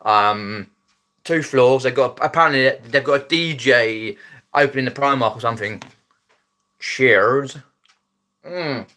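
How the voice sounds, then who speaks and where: A man with a South East English Mockney accent talks off the cuff to his live stream viewers. His voice is mid-pitched and bright, with a forward edge. He rambles, stumbles and restarts, dropping his aitches as he goes. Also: measured pace, pauses often. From Epsom, Surrey, England. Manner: rambling, hesitant, many ums and restarts, laughs often. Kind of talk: casual live stream chat. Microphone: phone.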